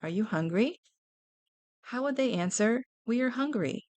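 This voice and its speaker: Slow, gentle woman teaching children. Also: on the high side, expressive, dry recording. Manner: gentle, asks questions about pictured characters. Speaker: Spanish teacher. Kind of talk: beginner language lesson for children.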